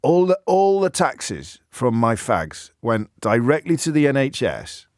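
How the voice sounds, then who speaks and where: A man's voice: sing-song, no echo, clean studio sound. A man voicing a chatty taxi driver with a strange, hard-to-place accent. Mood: insistent. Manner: slow, higher put-on regional voice.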